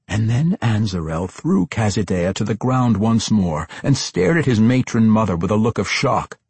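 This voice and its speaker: Casting: husky-voiced male narrator, low and unhurried, dry close recording. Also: animated, darkish tone, dry recording. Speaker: audiobook narrator. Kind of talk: scripted fantasy narration.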